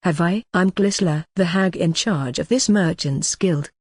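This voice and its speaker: A woman's voice: lowish voice, unhurried, breathy edge, dry recording, clean studio sound. A woman voicing an old, hunchbacked guildmaster who is stern and shrewd, reading her lines in a plain storybook manner. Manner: stern, scolding.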